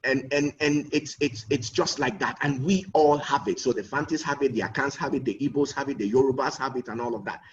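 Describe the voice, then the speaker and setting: An earnest man speaks as a guest speaker at a conference, his voice at an average pitch. He often circles back over his words while building a point. The sound is muffled and picked up from a distance over an online call. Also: a little fast, few pauses, a little hiss or hum. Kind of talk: conference talk.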